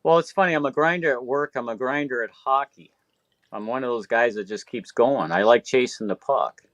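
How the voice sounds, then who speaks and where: A man's voice: mid-range voice, brisk, dry recording, muffled recording. A man in his sixties telling stories in casual chat, swearing freely and acting out what people said. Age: 60s. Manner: profane, animated storyteller acting out quotes.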